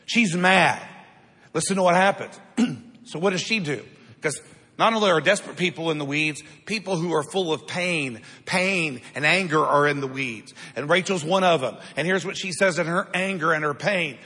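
A high, bright male voice preaches with a slightly husky edge. He calls out to the congregation for answers as his words ring through a church hall with long reverb. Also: moderate pace. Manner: preaching with call-and-response. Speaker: pastor. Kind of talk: sermon. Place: church sanctuary.

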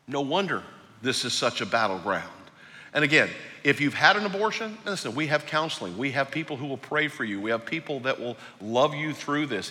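A man preaching a sermon as pastor, emphatic, swinging between loud peaks and quiet low lines. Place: large church hall. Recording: long hall reverb.

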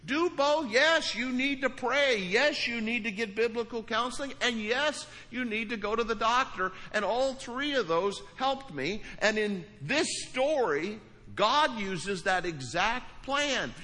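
A man preaching a sermon as pastor, emphatic, then dropping into a quiet prayer. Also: extremely high pitch, lively intonation, a little slow, in a large hall.

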